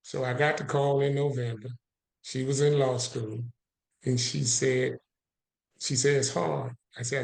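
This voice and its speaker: A man's voice: medium pitch, a little slow, gravelly. Man telling a story in a roomy space. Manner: animated storyteller who acts out both sides of a dialogue. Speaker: guest. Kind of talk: storytelling in a podcast interview.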